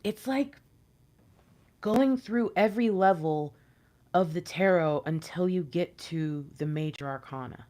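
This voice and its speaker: A woman giving an intuitive tarot reading, animated and playful, sometimes dropping into whispers. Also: lowish voice, measured pace. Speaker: tarot reader.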